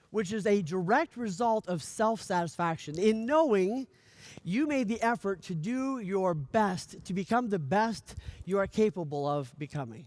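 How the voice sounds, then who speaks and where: A man giving a motivational coaching speech, energetic, often asking "right?" and acting out little dialogues. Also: high voice, no room sound. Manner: energetic, repeats "right?" often, stammers on restarts; acts out dialogue in lively voices. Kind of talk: motivational talk.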